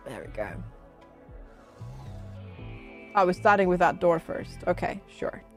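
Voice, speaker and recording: A woman's voice: lowish voice, very animated, slow, soft background music. A woman game streamer casually chatting, greeting and reading out her chat viewers while she plays.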